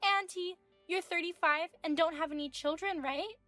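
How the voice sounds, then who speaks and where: A smug, condescending young woman in her twenties, taunting with a high, bright voice, as a woman puts her on. The reading is dry and close, with faint music under it. It has the feel of a scripted audio drama. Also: normal speed, dry recording. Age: 20s. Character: arrogant young woman medical student, mocking.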